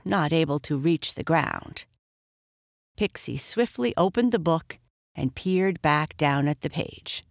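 A woman reading a children's storybook aloud in an expressive, measured way. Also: deep voice, no room sound, clean studio sound.

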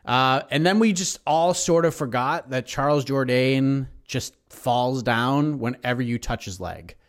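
A man with a mid-pitched voice talks casually with his co-host, easygoing and quick to laugh. His delivery is loose and conversational. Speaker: podcast co-host. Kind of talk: casual sports chat.

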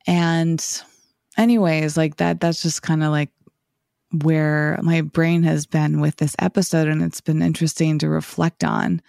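A woman's voice: sits low, flat delivery, a little slow, creaky, a little mellow, dry recording, clean studio sound. A woman hosting a solo podcast, talking through her thoughts in a rambling, reflective way with many filler "like"s. She sounds tired and slightly scratchy. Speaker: podcast host.

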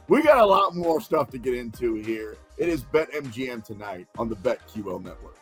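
Husky-voiced man hosting sports betting radio. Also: medium pitch, measured pace, few pauses, faint music behind. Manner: playful, energetic, plugs odds and sponsors. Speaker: sports betting show host.

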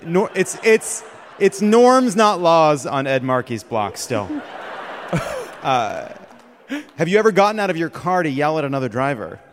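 A man hosting a comedy segment on a live stage, playful and quick, laughing between lines. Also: a little high, sing-song, long reverb tail, a little hiss or hum. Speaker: host. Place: theater stage with audience.

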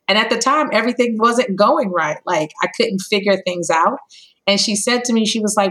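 A woman's voice: normal speed, poor audio. A woman in her thirties, a company co-founder telling her story in a podcast interview, acting out bits of dialogue as she goes. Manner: animated storyteller, acts out dialogue with big pitch jumps.

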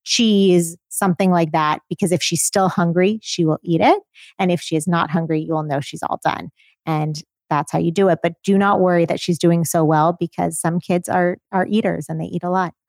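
A woman's voice: on the low side, steady tone, moderate pace, a little mellow, dry recording. A woman co-hosting a parenting podcast, giving direct, practical, reassuring feeding advice on a close mic. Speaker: podcast co-host, feeding expert.

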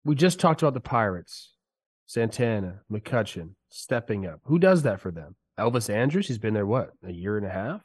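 In a podcast studio, a man who once played pro ball co-hosts casual sports talk, heated and emphatic while ill. His fairly low voice is sing-song with a breathy edge, at a normal pace.

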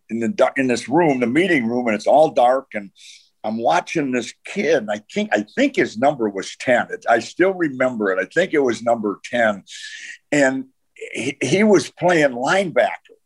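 An older man, a retired football coach, spins long, rambling stories as a podcast guest. His voice sits at an average pitch. He trails off into "uh" and restarts his sentences as he goes. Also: expressive, normal speed, husky. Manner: rambling anecdotes with frequent "uh" and restarts. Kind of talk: storytelling in a podcast interview.

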